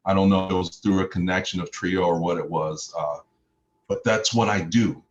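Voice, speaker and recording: A man's voice: deep voice, fairly even intonation, moderate pace, lo-fi sound, a little hiss or hum. A middle-aged man from Mississippi, giving an earnest personal testimony as a motivational speaker, stacking up repeated phrases for emphasis. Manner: earnest, repetitive lists with emphatic rises.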